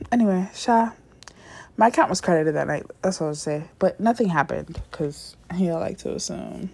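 A young podcast host with a lowish, husky, creaky voice and a darkish tone speaks at a moderate pace, telling a dating story in a blunt, profane, dramatic fashion and at times lowering to a near-whisper for asides.

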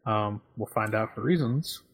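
A man's voice: on the low side, moderate pace, gravelly. A young man chatting casually as a co-host, retelling a video game's story with lots of fillers. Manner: relaxed, filler-heavy storytelling. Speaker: podcast co-host. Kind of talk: casual chat recapping a video game.

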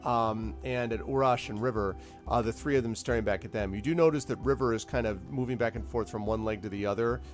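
A man's voice: medium pitch, fairly quick, few pauses, soft background music. A man narrating as game master, casual and rambling, with many fillers and laughs.

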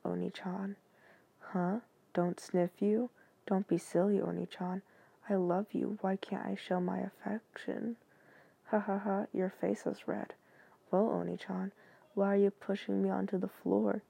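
A woman reading out the lines of a clingy anime little-sister girl in a deliberate monotone, with a gravelly, husky voice. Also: mid-range voice, no room sound, exaggerated voice. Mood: flat monotone.

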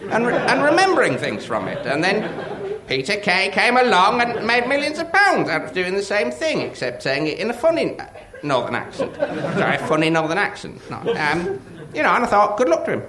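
A man's voice: high voice, huge pitch swings, normal speed, crowd noise. A man co-hosting a comedy podcast, self-pitying and whiny, breaking into pleading squeals. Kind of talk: scripted comic double act.

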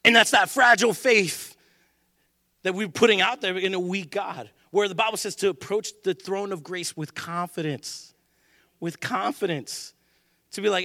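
A male pastor delivers a lively sermon in a high, bright voice. He jokes with the congregation and acts out the people he quotes. The recording is dry and close, with no room echo. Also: normal speed. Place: church.

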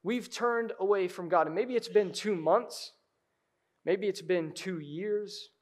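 A high-voiced man delivers a sermon from the pulpit of a church. He drops to near-whispers, then rises to loud, urgent appeals to the congregation. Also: slow. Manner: dynamic preaching, swings from hushed to loud. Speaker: pastor. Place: church sanctuary.

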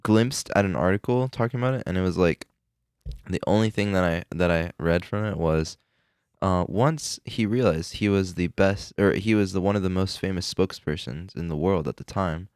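A man co-hosting a podcast in casual chat, playful and quick to laugh. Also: a little mellow, clear, resonant tone, no echo, clean studio sound. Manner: playful, laughs often, bursts into high giggles. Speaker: podcast co-host.

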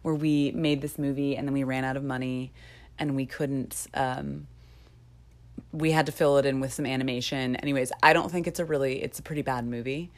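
A woman's voice: extremely low pitch, fairly even intonation, brisk. A young woman hosting a podcast in casual chat, talkative and prone to tangents, laughing often. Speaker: podcast host.

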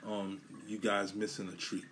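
Low-voiced, profane New podcast host. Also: male voice, little pitch movement, moderate pace, a bit bright, slight background noise. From Brooklyn, New York. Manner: loose, emphatic, profane street talk. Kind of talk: casual solo podcast monologue.

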